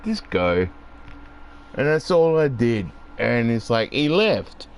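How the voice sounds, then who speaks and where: A man's voice: mid-range voice, very animated, slow, smooth. An Australian man chatting casually on a gaming stream, rambling and swearing freely as he tells stories. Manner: swears freely, acts out voices when telling stories.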